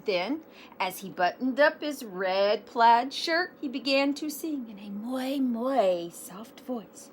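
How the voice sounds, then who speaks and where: Animated woman reading a picture book. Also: a little high, slow pace, slight background noise. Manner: animated, self-deprecating asides. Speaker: storybook reader. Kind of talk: children's book read-aloud.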